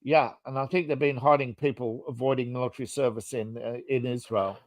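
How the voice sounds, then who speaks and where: A man's voice: medium pitch, steady tone, fairly quick, no echo. A man talking on a casual podcast in a dry, close-sounding room. He rambles through long explanations, stopping for fillers and restarting his sentences. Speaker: podcast co-host.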